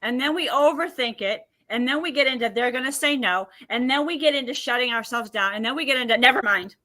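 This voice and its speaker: Bright, animated woman telling stories. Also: high voice, fast talker. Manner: animated storyteller acting out quotes. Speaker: podcast guest, emotion healer. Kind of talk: podcast interview storytelling.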